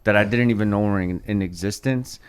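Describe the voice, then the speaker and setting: Low smooth-voiced man telling a heartfelt story. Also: a little fast. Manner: swears often, rambling heartfelt storytelling. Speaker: podcast host. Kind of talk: casual podcast chat.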